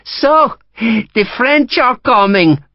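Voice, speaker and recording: A woman's voice: fairly high pitch, lively intonation, extremely slow, no room sound, pitched above the performer's own voice. A cackling spiteful old noblewoman. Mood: mocking. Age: older. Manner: taunting, mocking sing-song. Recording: dull dry audiobook recording.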